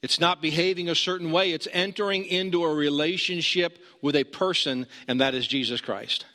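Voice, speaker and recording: A man preaching a sermon as pastor, earnest, rising high when he urges and dropping low and slow for emphasis. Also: sharp tone, long reverb tail.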